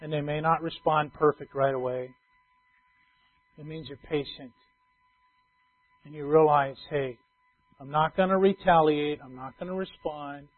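A middle-aged man preaches to his congregation in a high, light voice. He is loud and emphatic one moment and drops to a soft aside the next. The sound is thin and tinny, as if it came down a phone line. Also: wildly swooping pitch, measured pace, long pauses. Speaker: pastor. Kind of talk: sermon.

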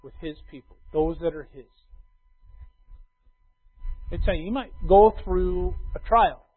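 Guy preaching a sermon, high voice, sounds like a phone line, gets loud and punchy on key words. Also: unhurried, husky. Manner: builds to loud emphatic stress on key phrases. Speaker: pastor. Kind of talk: expository sermon.

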